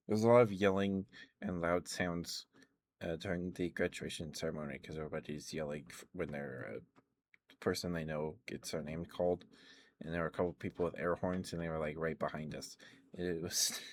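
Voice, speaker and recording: A tired, worn-out man rambling softly and chuckling often, chatting sleepily to his stream viewers up close to the mic. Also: low-pitched, fairly even intonation, normal speed. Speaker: ASMR streamer. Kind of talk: sleepy ASMR chat to live viewers.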